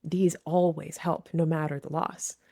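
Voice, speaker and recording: A woman's voice: sits low, little pitch movement, measured pace, creaky, mellow. A woman who works with grieving people, talking earnestly in an interview and explaining her ideas through quoted examples. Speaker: grief expert and author, guest. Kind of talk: conversational interview.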